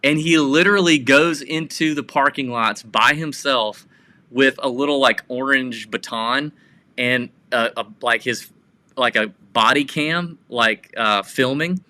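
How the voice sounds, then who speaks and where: A man co-hosting a casual podcast, telling rambling stories with excitement. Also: medium pitch, unhurried, no echo. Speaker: podcast co-host.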